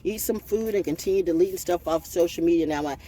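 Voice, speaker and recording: A woman's voice: on the low side, quick pace, warm tone. A woman hosting her own channel as an oracle reader, ranting in a blunt, profane and preachy freestyle way. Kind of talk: freestyle livestream rant.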